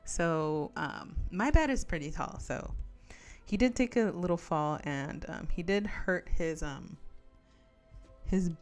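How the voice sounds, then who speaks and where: A woman's voice: lowish voice, lively intonation, slow, soft background music. Giggly young woman chatting over her crafts. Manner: giggly, rambling storyteller. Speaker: crafting channel host. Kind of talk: casual chat while crafting. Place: home craft table.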